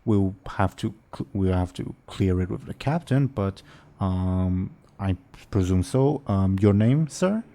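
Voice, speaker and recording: A man voicing a flustered male city guard who speaks in a hurried, unsure way in a tabletop role-play game. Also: low-pitched, expressive, warm tone.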